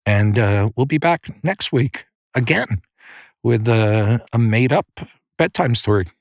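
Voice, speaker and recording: A man's voice: medium pitch, animated, takes it slowly, gravelly, dry recording. Man improvising a loose bedtime story. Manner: loose, conversational, with many fillers and restarts. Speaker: podcast host and storyteller.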